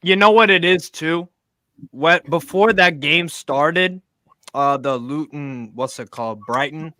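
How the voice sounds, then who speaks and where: Bright-voiced hesitant man. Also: on the high side, measured pace, dry recording. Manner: hesitant, trails off mid-sentence. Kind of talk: casual football chat.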